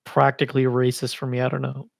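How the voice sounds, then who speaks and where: A man's voice: medium pitch, completely flat delivery, quick pace, creaky, a crowd in the background. A young man co-hosting a podcast, giving opinionated, slangy remarks in casual chat. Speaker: podcast co-host.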